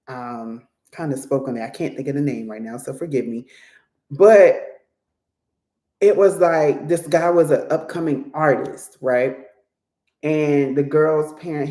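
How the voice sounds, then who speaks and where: A tarot reader in a casual reading, chatty and quick to laugh, often slipping into little acted-out voices. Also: mid-range voice, darkish tone. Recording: roomy echo.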